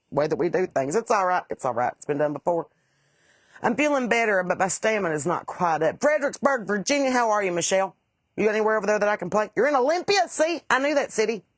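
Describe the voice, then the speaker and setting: Her voice sits on the low side, and the recording is dry. Reading comments during a casual livestream, she rambles and gets salty while telling stories to her viewers.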